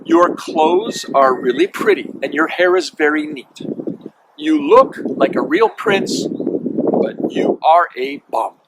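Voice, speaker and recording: A man's voice: on the high side, huge pitch swings, slow pace, gravelly, full character voice. A man voicing a bold, clever young princess in a storybook reading, eager and exclaiming, on a noisy recording. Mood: scornful.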